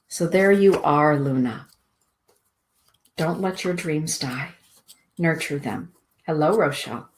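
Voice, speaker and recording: A middle-aged woman hosting a spiritual show, reading oracle cards aloud in a soothing, deliberate way. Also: lowish voice, expressive. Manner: slow, soothing, deliberate delivery with drawn-out words. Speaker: host giving oracle card readings.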